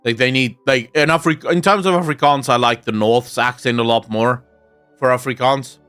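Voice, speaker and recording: A man's voice: mid-range voice, moderate pace, fairly bright tone, smooth, soft background music. A South African man chatting casually on a live stream, rambling and swearing freely while he answers his chat. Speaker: game streamer.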